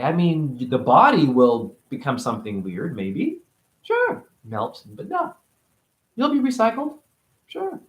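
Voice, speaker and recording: A man giving a rambling spiritual monologue, free-associating and preachy, jumping between high exclamations and low mutters. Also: roomy sound. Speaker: spiritual teacher.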